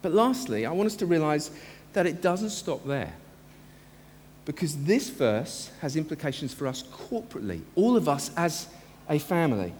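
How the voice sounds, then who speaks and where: Preaching a sermon with earnest emphasis, a pastor uses a voice high for a man that swings widely in pitch and has a darkish tone. He's very animated, slowing to lean on key phrases, while a long church reverb and faint room hum surround him.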